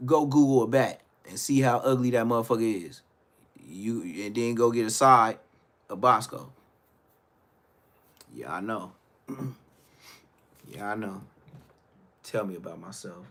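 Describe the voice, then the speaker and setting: A man runs his own live stream, ranting casually and bluntly with plenty of profanity, rambling, trailing off and starting over as he swings from low mutters to loud outbursts. His pace is measured, and he pauses often.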